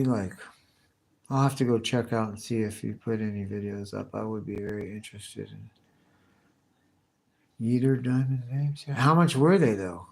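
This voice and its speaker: A man rambling through a casual live stream, reacting to viewer comments. He talks in loose slang and constant swearing, often stopping and restarting his sentences. His voice sits at an ordinary middle pitch for a man. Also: gravelly, darkish tone. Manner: rambling, slang-heavy and profane, with many restarts.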